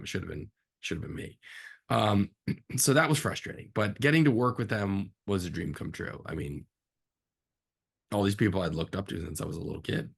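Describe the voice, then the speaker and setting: A man, a film director, telling animated behind-the-scenes stories in a casual interview, jumping up in pitch when he acts out disbelief. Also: vocal fry. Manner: animated storyteller, swings up sharply in pitch for incredulous reactions.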